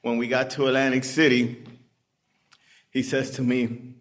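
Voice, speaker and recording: A middle-aged man speaking at a recovery meeting, giving personal testimony in an unhurried, plain-spoken storytelling way with many pauses. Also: mid-range voice, level tone. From Puerto Rican family background.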